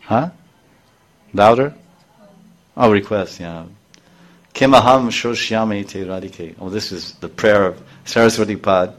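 Speaking a little slowly with long pauses, a middle-aged man with a lowish voice teaches scripture to a live group as a spiritual teacher. He works through the verses line by line, now and then briefly voicing the characters.

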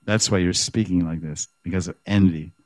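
A man with a low, grounded voice leads a scripture class, reading a commentary aloud and unpacking it line by line. He grows animated as he acts out the quoted speakers. The sound is close and dry, with no room echo. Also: fairly quick. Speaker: spiritual teacher.

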